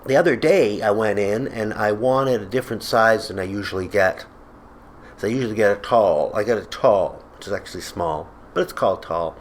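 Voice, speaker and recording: A man's voice: fairly low pitch, normal speed, a little hiss or hum. A man delivering a comedic, exasperated rant to camera as a vlogger, sarcastic throughout. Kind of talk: comedic ranting monologue. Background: faint background music.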